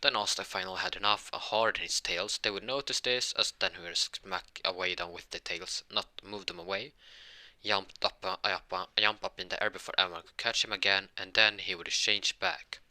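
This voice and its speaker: A young man telling an improvised fan-fiction story, rambling and often stopping to correct himself. His voice is low and strikingly bright. It is recorded close and dry, with no room sound. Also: steady tone, normal speed, no echo. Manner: rambling, with many restarts and self-corrections.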